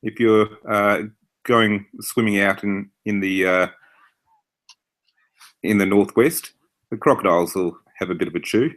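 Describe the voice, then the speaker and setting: An Australian man speaks as a guest in a casual interview over a call. He is laid-back and hesitant, with plenty of fillers and a dry sense of humor. His voice sits slightly low. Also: unhurried, pauses often, fairly bright tone.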